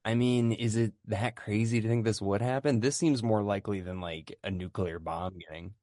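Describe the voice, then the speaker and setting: A man hosting a casual podcast who jokes around and rambles while steering the talk. His voice is fairly low. The recording is dry, with no room sound. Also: steady tone, moderate pace, a little mellow, no room sound. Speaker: podcast host. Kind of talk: casual chat.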